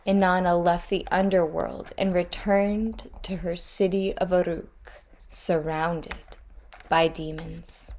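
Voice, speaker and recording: A woman reads a storybook aloud at an unhurried, measured pace. Her voice sits low and calm. Each line is placed with care. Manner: measured, deliberate reading.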